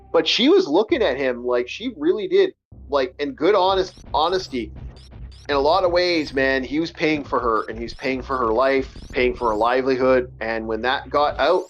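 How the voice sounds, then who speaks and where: Brief: male host, casual rambling storyteller, mid pitch, dull lo-fi stream audio. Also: a little fast. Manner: rambling, repeats words. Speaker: podcast host.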